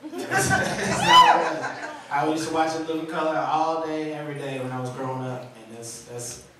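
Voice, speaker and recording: A man doing a stand-up comedy set, telling stories in an animated, laughing way with voiced impressions, on a small studio stage. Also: on the high side, a little fast. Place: small TV studio with a live audience. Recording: echoey room from far off with a loud crowd.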